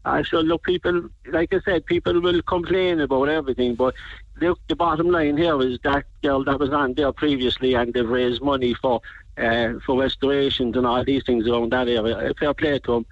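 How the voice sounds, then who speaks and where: A man's voice: mid-range voice, fairly even intonation, brisk, dry recording. A man with a Cork accent calling in to a radio show, rambling and leaning on fillers like "you know". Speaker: caller. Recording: slightly dull phone line.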